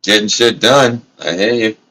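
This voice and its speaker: A man's voice: on the low side, moderate pace, sharp tone, poor audio. A man hosting a casual livestream, talking in a loose, profane, rambling way and coughing now and then from smoking. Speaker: livestream host. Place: indoors at a grow setup.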